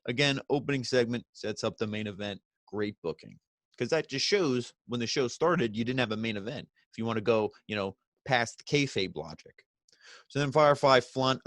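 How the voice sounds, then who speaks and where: A man's voice: medium pitch, fairly bright tone, no room sound. Rambling man recapping wrestling. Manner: rambling, restarts mid-sentence, acts out quotes. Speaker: wrestling show reviewer. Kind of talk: casual recap podcast.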